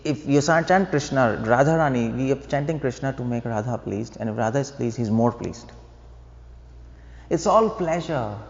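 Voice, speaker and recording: In a temple hall with echo and dull lo-fi audio, a preacher with a mid-range, darkish voice and vocal fry gives a devotional lecture. He walks through explanations, asks the audience rhetorical questions, and chuckles at his own jokes.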